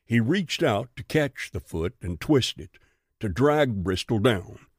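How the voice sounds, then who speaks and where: A man narrating a western audiobook in a measured, steady reading. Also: medium pitch, slightly rough, no echo, studio quality.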